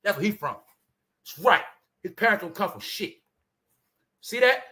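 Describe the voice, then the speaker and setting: A man's voice: high voice, lively intonation, normal speed, pushed and bright. A man with a New York accent ranting in a profane, emphatic solo commentary, answering his own points with "that's right.". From Brooklyn, New York. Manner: profane, emphatic, repetitive call-and-response. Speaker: YouTube commentator.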